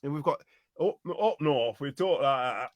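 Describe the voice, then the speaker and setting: A man's voice: mid-range voice, expressive, a little slow, no echo. A man from Nottingham with an East Midlands accent, a guest songwriter chatting loosely and laughing as he rambles. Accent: East Midlands English. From Nottingham, England. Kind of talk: casual interview chat.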